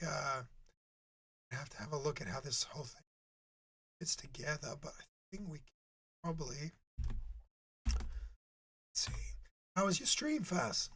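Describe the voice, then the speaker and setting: A man live-streaming in casual chat with his viewers, his voice squeaky and hoarse from a sore throat. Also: a bit bright. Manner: chatty, talks to viewers while setting up.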